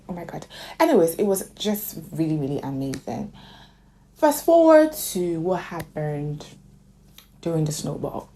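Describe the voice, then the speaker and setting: A woman's voice: low-pitched, mellow, slight background noise. A woman casually recapping a romantic movie for her viewers, chatty and gushing, breaking into sudden squealed exclamations.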